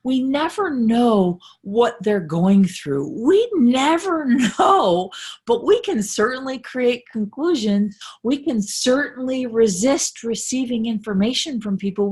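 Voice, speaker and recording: A woman's voice: on the high side, a little mellow, breathy edge. A middle-aged woman life coach giving a casual, earnest motivational talk, repeating phrases for emphasis and tagging lines with "right?". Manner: earnest, emphatic, repetitive, with frequent "right?" tags.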